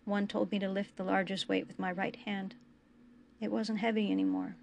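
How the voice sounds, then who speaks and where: A woman reading a story aloud, voicing a traumatized young man who talks in a halting near-whisper. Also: medium pitch, flat delivery, vocal fry, slight background noise, lightly acted. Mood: haunted.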